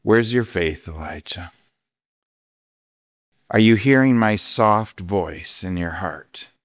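A man voicing God as a gentle, calm presence, speaking in a hushed, slow, tender way. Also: lowish voice, no room sound, studio quality.

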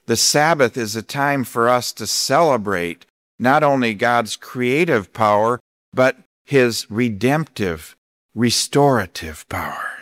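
A man preaching a sermon as pastor, speaking deliberately and emphatically, slowing down to read scripture. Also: mid-range voice, lively intonation, a bit bright, no echo, studio quality.

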